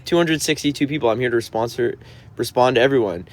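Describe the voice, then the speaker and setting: A man's voice: medium pitch, fast talker, background noise. Sassy man reading livestream chat. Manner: sassy, teasing, mock-offended. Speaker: touring musician.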